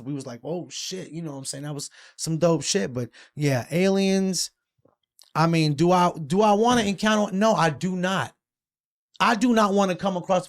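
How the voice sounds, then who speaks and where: A young man co-hosting a casual podcast, telling stories in an animated, profane way and acting out quotes. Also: sits high. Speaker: podcast co-host. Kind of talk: casual chat.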